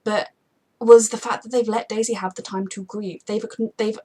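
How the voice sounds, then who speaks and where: A young woman hosting a casual TV reaction chat, gushing and rambling with many fillers and quick laughs. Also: medium pitch, steady tone, dark tone, breathy edge. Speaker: TV reaction channel host.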